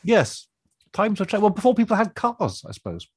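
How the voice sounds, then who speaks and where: A man's voice: sits high, wildly swooping pitch, normal speed, breathy edge, no room sound. A man bringing news items to a radio show, chatting casually in a wry, quibbling way in a studio.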